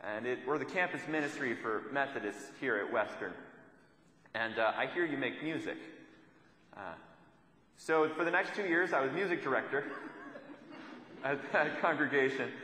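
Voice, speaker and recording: A man's voice: mid-range voice, moderate pace, pauses often, pushed and bright, echoey room, big-room sound, poor audio. A young adult man giving a sermon, telling a story in a conversational way and repeating lines for emphasis. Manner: storytelling, conversational with rhetorical repetition. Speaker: preacher.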